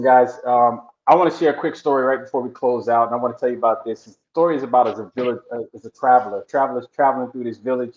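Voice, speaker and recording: This podcast co-host has a mid-range, darkish voice and casually retells a folk story to make an earnest motivational point. The audio is roomy, dull, and lo-fi.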